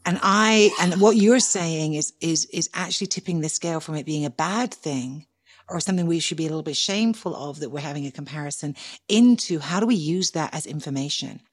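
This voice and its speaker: An English woman hosts a casual podcast conversation with a slightly low voice. She talks in long, flowing, effusive phrases and now and then repeats a word. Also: brisk. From England. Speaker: podcast host.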